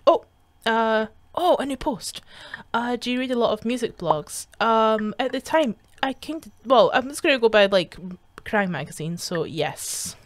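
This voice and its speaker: A woman's voice: fairly high pitch, lively intonation, normal speed, no echo. A young woman giving casual gaming commentary as she reads chat messages aloud, swearing and laughing often, with a sarcastic edge. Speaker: gaming streamer.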